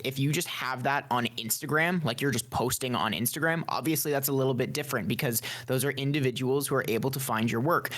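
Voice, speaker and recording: Man, podcast co-host, casual chat, earnest, halting, repeats words. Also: mid-range voice, fairly bright tone.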